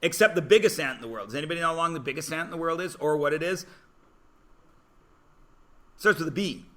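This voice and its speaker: A man's voice: on the high side, fast talker, a bit bright. A man teaching a math class, joking about himself and prodding students to guess answers. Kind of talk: classroom lecture.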